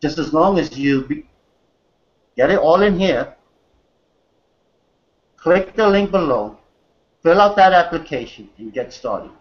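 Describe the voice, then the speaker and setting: A man's voice: lively intonation, a little slow, pauses often, dull audio. A man hosting an online business call, pumping up his listeners with motivational talk and repeated "guys". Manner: hyped, repeats "guys", pitches a sign-up. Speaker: host. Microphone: video call.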